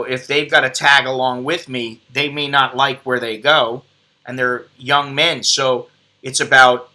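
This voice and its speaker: A middle-aged American man with a mid-range voice, pushed and bright, hosts a casual live stream from his computer. He rambles along and keeps cracking jokes at his own expense.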